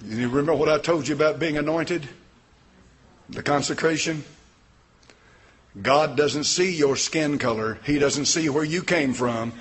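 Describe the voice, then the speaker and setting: An older man preaching a sermon in a folksy, plain-spoken way, rising from quiet talk to shouted fervor. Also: fairly high pitch, measured pace, pauses often, slightly rough. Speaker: pastor.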